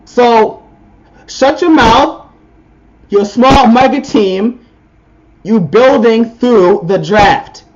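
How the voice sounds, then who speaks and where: High-voiced man ranting about sports. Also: extremely slow, pauses often, muffled recording, a little hiss or hum. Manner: opinionated, blunt, riled up. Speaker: podcast co-host. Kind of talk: casual sports talk rant.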